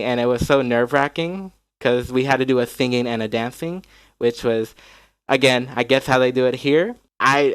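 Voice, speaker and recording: Man, from North Carolina, casual chat, rambling, smooth voice, dry sound. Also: mid-range voice, dry recording. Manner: rambling, many likes and restarts.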